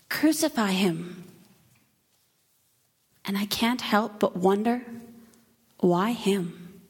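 A woman performs a dramatic first-person Easter monologue, her delivery unhurried and solemn. Her voice sits on the lower side, and long reverb from a church hall trails each phrase. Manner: slow, solemn, emotive storytelling.

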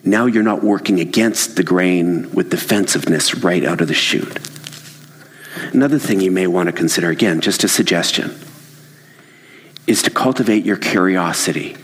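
A man's voice: sits low, moderate pace, husky, big-room sound. A man giving a casual talk on workplace communication, acting out little scenes and laughing along the way. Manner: animated, acts out little scenes with raised voices and laughs. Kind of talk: casual talk with acted-out examples.

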